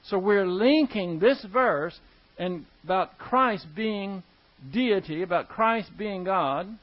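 A man with a high voice teaches a Bible passage word by word. He talks in an easy, conversational way and leans hard on key words. The recording sounds dull and lo-fi. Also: expressive, slow pace. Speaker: preacher.

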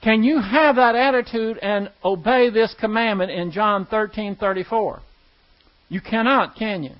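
High-voiced man preaching a sermon. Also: highs cut off. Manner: teaching, emphatic with slow stressed words. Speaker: pastor.

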